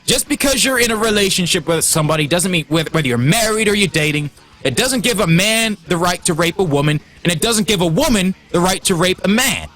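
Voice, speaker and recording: A man holds forth on his livestream, his fairly high voice leaping around as he gets heated. He swears freely and stumbles into restarts. Metal music plays faintly in the background. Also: expressive, brisk, fairly bright tone. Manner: heated and profane, restarts and stumbles when worked up. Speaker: livestream host. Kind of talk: casual livestream rant.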